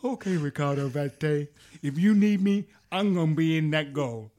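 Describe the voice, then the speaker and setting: A man's voice: a little high, expressive, moderate pace, mellow, close to an everyday voice. A man voicing a brash, swaggering male footballer who boasts and swears in an email. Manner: boastful, profane, sing-song.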